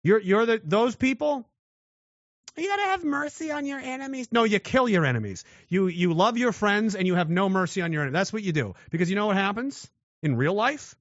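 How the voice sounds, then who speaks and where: A man's voice: sits high, animated, fairly quick, no echo, highs cut off. A man delivering a blunt, aggressive monologue rant, mocking those who show mercy.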